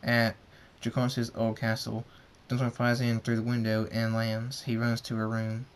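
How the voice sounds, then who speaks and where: A man's voice: medium pitch, monotone, moderate pace, smooth. A man reading his fan fiction story aloud, in a plain narration with small restarts. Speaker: story reader.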